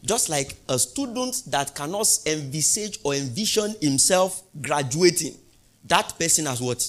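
A male pastor preaching a sermon, asking the congregation questions and building to loud, emphatic peaks. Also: on the high side, lively intonation, unhurried.

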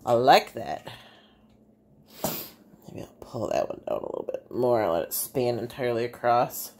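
A woman's voice: very deep voice, animated, unhurried, vocal fry, darkish tone. A woman with a Bay City, Michigan accent, an artist and teacher chatting casually as she demonstrates a craft in her home kitchen, thinking aloud as she works.

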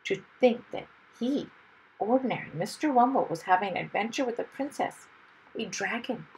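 Gravelly woman reading a children's story. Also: medium pitch, normal speed, slight background noise, poor audio. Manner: lively, expressive reading. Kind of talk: children's story read-aloud.

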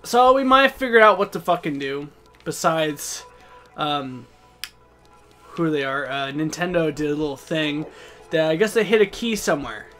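Young guy ranting over a game, bright kinda high voice, swears a ton. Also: expressive, soft background music. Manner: loud, profane, quick frustrated outbursts. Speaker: let's play host. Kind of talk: casual gameplay commentary.

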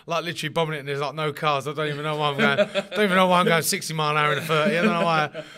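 A man's voice: a little high, little pitch movement, very fast, sharp tone, smooth. A man, chatting in an interview, rambling and repeating words, laughing often. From London. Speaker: interviewee, rugby league player. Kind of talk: casual interview chat.

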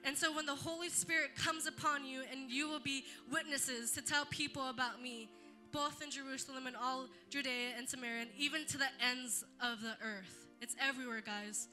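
Young woman youth leader, animated storyteller, very bright high voice. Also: moderate pace, faint music behind. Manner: animated storytelling, acts out quotes. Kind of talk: church youth talk.

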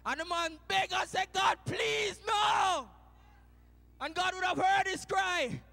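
A Jamaican man preaching a sermon in a church, moving from hushed storytelling to loud shouted preaching. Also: very high voice, normal speed, vocal fry, in a large hall. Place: church sanctuary.

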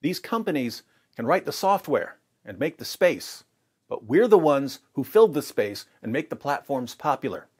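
A man's voice: medium pitch, big pitch swings, moderate pace, husky. A man hosting his own video channel, delivering emphatic, argumentative commentary straight to the camera. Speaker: video host.

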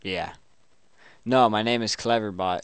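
A man's voice: on the low side, fairly even intonation, unhurried, clean tone, no room sound. A man hosting a let's play, trading crude, profane jokes with a chatbot at his home computer and laughing often at his own insults. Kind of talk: crude joking commentary while typing to a chatbot.

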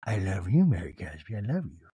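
A man putting on a gushing, dramatic woman's voice, drawn-out, hushed and theatrical. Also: on the low side, sing-song, breathy edge, dry recording, studio quality, voice pushed down, full character voice.

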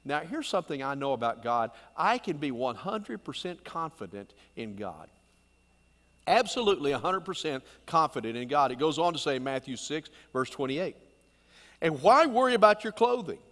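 A man's voice: on the high side, sing-song, moderate pace, a bit bright, in a large hall. A middle-aged male pastor preaching a sermon in a folksy, conversational manner, often asking the congregation questions. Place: church sanctuary.

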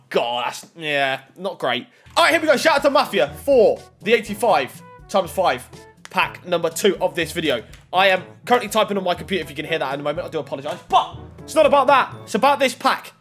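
A young man commentating on opening video game card packs, reacting loudly and excitedly to each card. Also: on the high side, brisk, faint music behind. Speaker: gaming YouTuber.

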